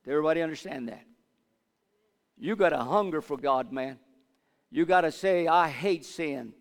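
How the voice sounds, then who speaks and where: Fervent high-voiced preacher in a hall. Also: male voice, moderate pace. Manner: repetitive call-and-response, asks for amens; builds to loud fervent declarations. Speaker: pastor. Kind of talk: sermon. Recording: long hall reverb.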